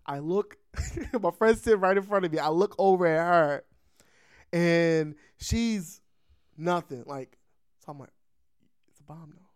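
Man, podcast host, casual storytelling, animated, laughs a lot, swears freely. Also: on the high side, measured pace, pauses often, smooth.

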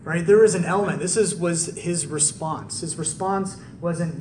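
Animated high-voiced male preacher, echoey hall. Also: moderate pace, hardly any pauses, background noise. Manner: animated, storytelling, asks rhetorical questions. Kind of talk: conversational sermon. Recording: echoey room, distant mic, faint ambience.

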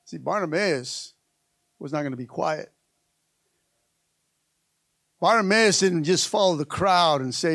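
A man's voice: on the high side, a little slow, gravelly, long pauses, a bit bright, no echo. A man preaching a rousing sermon, calling on the congregation and repeating lines for emphasis. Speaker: pastor.

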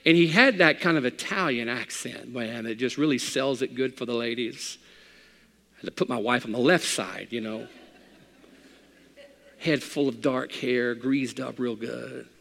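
A man's voice: medium pitch, a little slow, gravelly, fairly bright tone. A man preaching an emphatic sermon as pastor, voice swelling in bursts of emphasis. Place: church sanctuary. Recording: long hall reverb.

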